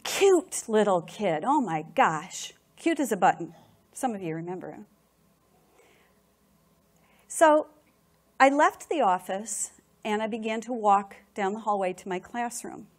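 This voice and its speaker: A middle-aged woman tells an audience her personal testimony with animation and emotion, often repeating words when moved. Her voice is mid-range, and she speaks unhurriedly with long pauses.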